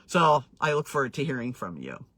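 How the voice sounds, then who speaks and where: A woman's voice: rumbling low, big pitch swings, brisk, fairly bright tone, slightly rough, no echo. Earnest woman sharing her story. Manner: earnest, laughs often between phrases. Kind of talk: personal storytelling, casual and reflective.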